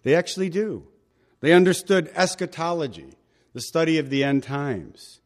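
A man's voice: a little high, big pitch swings, moderate pace. A male pastor giving a verse-by-verse Bible teaching sermon, conversational and emphatic, with chatty asides to the congregation.

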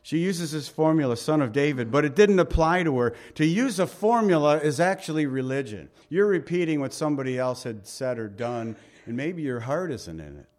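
Man, pastor, sermon, slightly high voice, earnest, rhetorical questions, loud and soft swings. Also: expressive, moderate pace. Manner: swings between loud emphasis and soft, low passages.

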